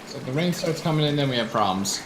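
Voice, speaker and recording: A man's voice: mid-range voice, animated, fast talker, reverberant. A man chatting in a laid-back, rambling way while playing a video game with a friend. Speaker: game streamer. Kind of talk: casual gaming chat. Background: game music.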